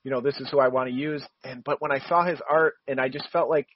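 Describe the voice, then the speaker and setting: A man who is a comic book writer, talking as an interview guest, quick and eager and laughing often. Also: medium pitch, steady tone, highs cut off, a little hiss or hum.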